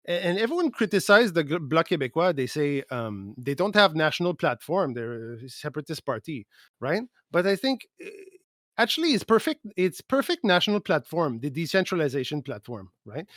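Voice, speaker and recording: A man's voice: fairly high pitch, a bit bright, no echo, clean studio sound. A man putting on a thick Quebec accent in English. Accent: Quebec French. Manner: keeps tacking on "okay?", drops articles. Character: exaggerated Quebec man speaking broken English. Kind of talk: podcast chat.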